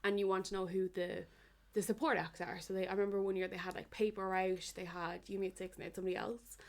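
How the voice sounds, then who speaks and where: A woman's voice: mid-range voice, level tone, fast. A woman co-hosting a podcast, chatting casually with fillers like "um" and "you know". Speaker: podcast co-host. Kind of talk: casual chat.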